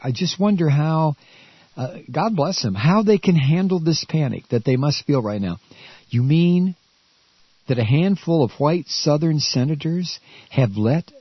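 A man rants on the radio in a lively, swooping voice that climbs into shouts. His tone is a little husky and he stumbles over his words. The sound is dull and dry. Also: on the high side, no echo. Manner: angry, stammering, shouting outbursts. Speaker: radio talk host. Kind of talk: political rant.

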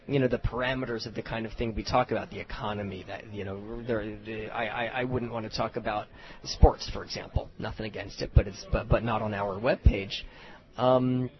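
A man being interviewed as a research director, talking in lively casual style with sarcastic asides and frequent restarts. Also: medium pitch. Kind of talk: casual radio interview talk. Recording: dull lo-fi radio audio.

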